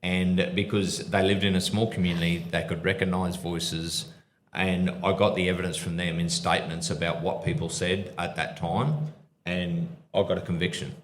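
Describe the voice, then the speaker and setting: Speaking at a moderate pace in a low, level tone, a podcast co-host and former cop tells stories to a live pub audience. He wanders, starts over and shifts into quoted voices, and the recording is reverberant with some hiss or hum.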